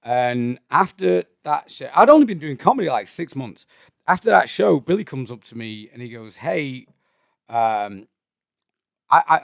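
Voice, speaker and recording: English guy telling wild stories, high gravelly voice, bouncy pitch. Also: dry recording, studio quality. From England. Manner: animated, laughing, swears a lot. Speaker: comedian guest. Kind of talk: casual storytelling chat.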